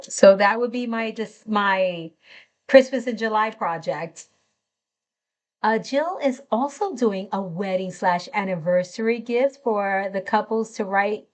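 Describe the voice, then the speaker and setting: A middle-aged woman hosts a live craft tutorial, chatting enthusiastically and greeting viewers by name as she works. Her mid-range voice has an unhurried pace.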